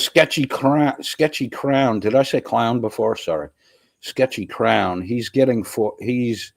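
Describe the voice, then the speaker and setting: A congested man with a sore throat runs a casual livestream. He reads chat comments aloud in a profane, rambling way. His voice sits low, and the sound is dry and close. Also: darkish tone, no room sound. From US East Coast. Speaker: livestream host. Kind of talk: casual live-stream chat reading comments.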